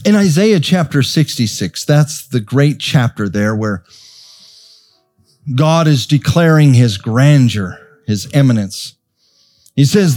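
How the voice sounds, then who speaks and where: A man preaching a sermon as pastor of a church, slow and emphatic, rising to strong peaks as he calls out to his congregation. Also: mid-range voice, expressive. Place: church sanctuary. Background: soft piano.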